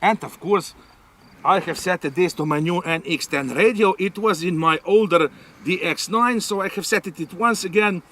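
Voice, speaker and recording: A man's voice: high-pitched, normal speed, sharp tone, a little hiss or hum. A man reviewing a model plane in casual chat, often tagging sentences with a questioning "eh?". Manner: chatty, ends phrases with a questioning "eh?".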